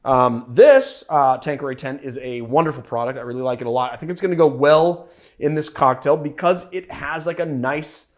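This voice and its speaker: A man's voice: mid-range voice, animated, moderate pace. A young man hosting a cocktail show, chatting in a rambling, playful way with many fillers. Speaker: bartender host. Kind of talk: casual cocktail-making show.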